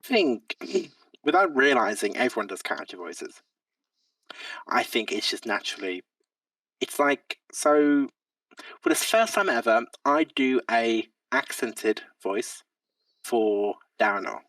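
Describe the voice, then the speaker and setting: A man chats reflectively as a podcast guest, hesitant and searching for words, with lots of ums and restarts, and he laughs easily. His medium-pitched voice is animated, slow, and fairly bright. The sound is dry, with no room sound, from a distant mic.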